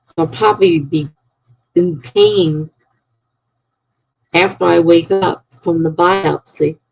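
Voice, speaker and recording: A woman's voice: lowish voice, steady tone, slow, gravelly, darkish tone, poor audio. A woman chatting casually on a live stream, telling a rambling story to her viewers and sounding tired.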